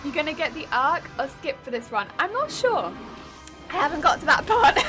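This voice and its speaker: Woman streamer, high voice, casual giggly chat, talks over gameplay, soft game music in background. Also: sing-song, moderate pace. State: recovering from a migraine.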